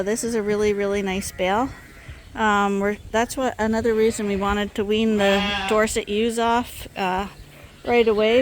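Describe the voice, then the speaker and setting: A woman sheep farmer chatting casually as she explains her animals, with fillers and restarts. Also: medium pitch. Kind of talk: casual farm vlog narration. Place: outdoors and in a barn among sheep. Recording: clear farm noise behind. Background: bleating sheep.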